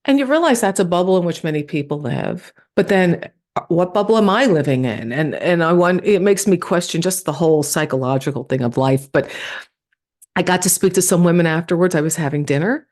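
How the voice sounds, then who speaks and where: A woman's voice: fairly low pitch, a little fast. A woman from New York, a comedian guest on a podcast, telling stories in casual chat and acting out the voices of the people she quotes. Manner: animated storytelling, acts out quoted dialogue.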